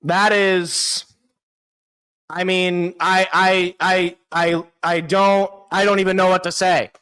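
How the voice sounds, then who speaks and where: High, bright-voiced excitable young man. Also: slow, clean tone. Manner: excitable, shouting and anguished at big plays. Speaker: sports podcast host. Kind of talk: live play-by-play reaction.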